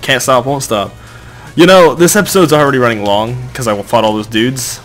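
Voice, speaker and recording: A young man giving casual gameplay commentary, rambling and joking, with sudden excited outbursts when things go wrong. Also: mid-range voice, normal speed, faint music behind. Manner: excitable, rambling, shouts in bursts of frustration. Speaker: let's play gamer.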